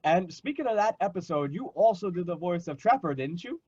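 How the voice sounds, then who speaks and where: A man hosting a fan panel, enthusiastic and polite, halting often with fillers. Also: sits high, lively intonation, darkish tone, slightly rough, no room sound. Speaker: host. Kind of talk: casual chat. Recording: dull, dry sound.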